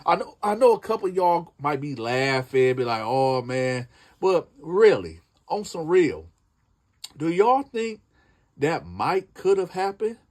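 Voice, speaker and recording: A man's voice: on the high side, sing-song, measured pace, a little mellow. A man telling a prison story casually, chatting and speaking directly to his listeners.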